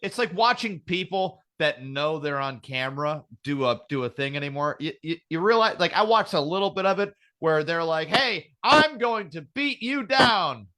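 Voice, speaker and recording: A man's voice: a little high, expressive, normal speed, hardly any pauses, bright, forceful tone, clear, resonant tone. A man hosting a casual podcast chat, ranting with lots of swearing and fillers. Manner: profane, ranting, many fillers. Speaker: podcast host.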